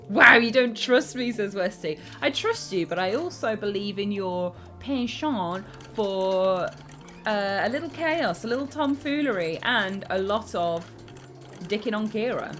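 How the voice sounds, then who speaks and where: A woman's voice: mid-range voice, expressive, a little slow, a bit bright, faint music behind. A British woman chatting casually on a live stream, reading comments aloud and making giggly asides.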